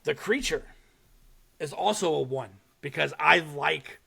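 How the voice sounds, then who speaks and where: A young man hosting a podcast, casually and excitedly retelling a short horror film with swearing and laughter. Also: a little high, a little slow, creaky, slightly rough. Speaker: podcast host. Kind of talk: casual chat.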